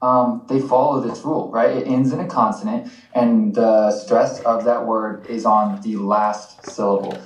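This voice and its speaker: A man's voice: on the low side, fairly even intonation, measured pace, few pauses, far from the mic, slight background noise. Laid-back man in an echoey room. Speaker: podcast co-host. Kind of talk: casual explanatory chat. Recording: echoey room, a bit off-mic.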